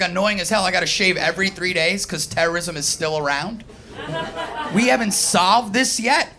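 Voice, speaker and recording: A man's voice: high-pitched, sharp tone. A man with a New York accent doing a profane, brash stand-up comedy set on a live stage, acting out the voices he quotes. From New York City, Queens. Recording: live show with crowd laughter. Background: audience laughter.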